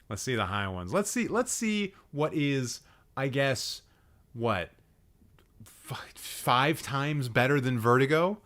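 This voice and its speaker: A man's voice: mid-range voice, animated, slow pace, fairly bright tone. A young man hosting a live stream, roasting a viewer's film ratings with exasperated, sarcastic commentary and plenty of swearing. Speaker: livestream host.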